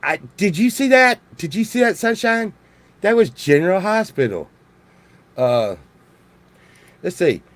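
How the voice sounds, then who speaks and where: Give me a slow-talking man with a fairly high, lively voice, telling rambling jokey stories. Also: no room sound. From Texas. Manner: rambling, jokey, with repeated restarts and swearing. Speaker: vlogger. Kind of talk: rambling casual monologue.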